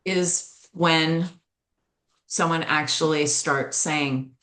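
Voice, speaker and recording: A middle-aged woman, a mental health educator, speaks earnestly in an interview and shares personal stories, speeding up on key points. Her voice is on the low side and fairly bright, at a moderate pace, and the recording has a roomy echo.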